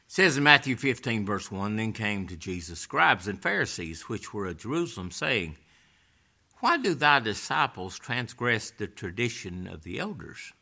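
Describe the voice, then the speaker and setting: A man preaching a sermon, reading scripture and rising to loud emphatic peaks before dropping low again.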